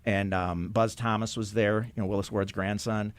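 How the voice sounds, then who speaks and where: A man, a guest filmmaker, telling animated stories in conversation, acting out the voices of the people he quotes and laughing often. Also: fairly low pitch, moderate pace, clear, resonant tone, no room sound. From Michigan.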